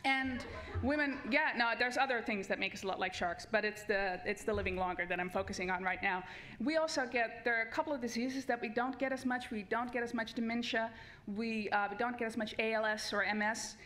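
A woman's voice: fairly high pitch, a little fast. Stammering wry woman debater. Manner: hesitant, stammering, wry deadpan humor. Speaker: brain researcher and debater. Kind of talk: comic debate speech. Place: stage at a science festival debate.

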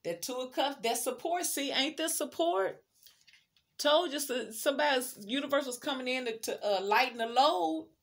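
Woman tarot reader; chatty, emphatic, addresses the viewer, voice sits a bit high. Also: expressive, normal speed. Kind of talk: casual tarot reading.

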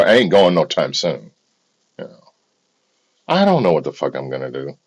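A man's voice: deep voice, gravelly, breathy edge, poor audio. A middle-aged American man hosting a livestream, chatting casually in a rambling, profane way. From United States. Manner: profane, rambling, animated storytelling. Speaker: livestream host.

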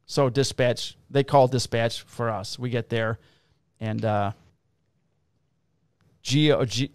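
A man, a police officer co-hosting a podcast, telling work stories in a casual, profane, animated way and acting out the quotes. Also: mid-range voice, takes it slowly, clear, resonant tone, dry recording. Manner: profane, animated storyteller who acts out quotes. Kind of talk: casual chat, storytelling.

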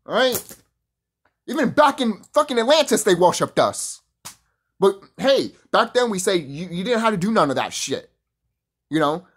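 A man ranting casually to camera in a profane, heated and rambling way. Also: high-pitched. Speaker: vlogger.

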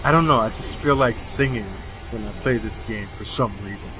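A man's voice: medium pitch, brisk. A young man giving casual let's-play commentary, rambling and joking between fillers. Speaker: gamer. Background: game music.

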